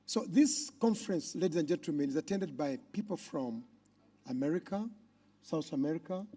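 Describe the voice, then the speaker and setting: A man with a Ugandan accent hosting a conference on stage, loudly introducing speakers to the crowd. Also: on the high side, normal speed. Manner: loud, animated announcing to a crowd. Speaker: conference emcee.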